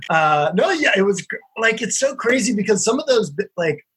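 A male podcast host with a high, bright voice that is very breathy and raspy. He asks questions casually, laughs a lot and gushes about his guest's work. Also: big pitch swings, moderate pace. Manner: laughs often, enthusiastic. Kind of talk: casual interview.

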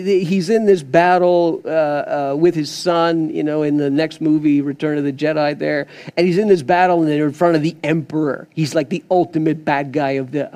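Man, pastor, sermon, high voice, animated, rambling, lots of fillers and restarts. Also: vocal fry.

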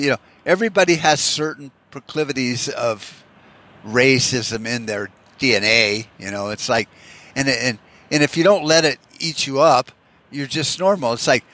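Podcast host, man, bright edgy tone, rambling profane rant. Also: mid-range voice. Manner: profane, ranting, heavy use of "you know". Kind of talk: rambling solo monologue.

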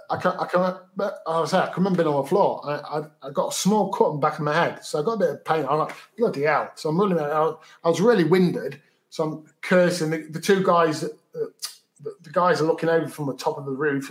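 A man, a guest in an interview, recounting a story in a halting, matter-of-fact way with many repeated words. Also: a little high.

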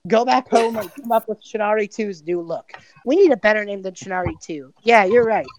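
A woman's voice: mid-range voice, fairly quick, lightly acted, low-quality recording. A woman voicing Elian, a patient man who coaxes others like children. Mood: coaxing. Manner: coaxing, soothing.

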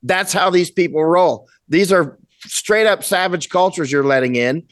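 A man's voice: sits high, normal speed, a bit bright, no room sound. A man in his sixties, a guest in a casual interview, talking bluntly and emphatically at home. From United States. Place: at home with a cat.

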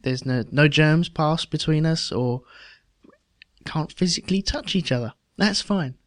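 A man's voice: on the high side, lively intonation, unhurried, no echo. Wry man co-hosting a podcast, dry sound. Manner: wry, joking. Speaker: podcast co-host. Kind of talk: casual chat.

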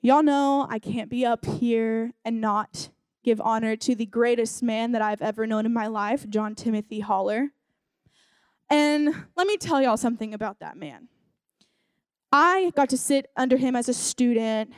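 High-voiced young woman preaching casually. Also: moderate pace, clean tone, no echo. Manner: chatty, with many fillers and acted quotes. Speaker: speaker at a church service. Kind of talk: casual sermon with a story.

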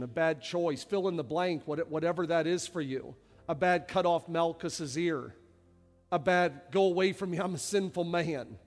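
A male pastor preaching a sermon, dropping to quiet low stretches and then rising to loud shouted passages. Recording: reverberant hall with faint music.

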